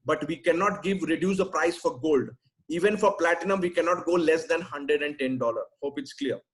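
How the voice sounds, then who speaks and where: A man's voice: fairly high pitch, fairly quick, low-quality recording. A man answering questions in a webinar, blunt and emphatic, often ending with "right?". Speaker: sales trainer answering questions.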